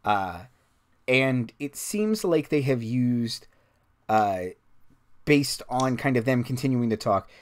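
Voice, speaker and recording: A man's voice: mid-range voice, slow pace. A man serving as game master, describing a scene and checking rules in a casual way. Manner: relaxed, descriptive, looks up rules aloud. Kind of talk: running a tabletop game.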